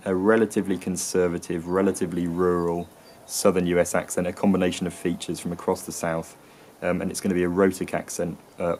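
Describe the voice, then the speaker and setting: A man explains the history of English accents in a casual teaching tone. His voice is very low and barely moves in pitch. He pauses often and fills the gaps with ums and restarts. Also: darkish tone, a little hiss or hum. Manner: hesitant, full of ums and restarts. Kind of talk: casual educational talk.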